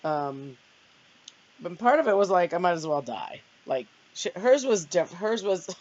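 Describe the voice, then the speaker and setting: A middle-aged woman hosts her own vlog, chatting casually and rambling in a self-deprecating way. Her voice is lowish and darkish, with big pitch swings and a slightly slow pace. The recording sounds dull and lo-fi.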